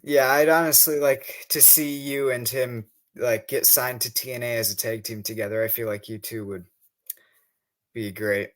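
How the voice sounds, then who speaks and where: A man's voice: mid-range voice, steady tone, moderate pace, fairly bright tone. A man hosting an interview, giving brief agreeing replies and asking long questions. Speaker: interview host.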